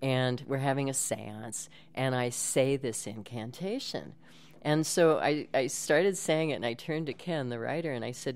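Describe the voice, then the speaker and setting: A woman's voice: rumbling low, moderate pace, a little mellow. A woman guest in a casual podcast interview, telling stories in a chatty way and laughing often. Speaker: actress and guest.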